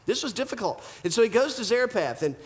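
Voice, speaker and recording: A male pastor preaching a sermon in an animated style, full of rhetorical questions and repeated phrases. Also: extremely high pitch, fast.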